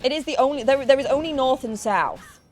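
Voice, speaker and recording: A woman's voice: high-pitched, lively intonation, a little fast, a little hiss or hum. A woman from Yorkshire with a northern English accent, chatting and teasing her viewers in a casual live stream while she plays a game. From Yorkshire, England. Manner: chatty, teasing, jokey banter with chat.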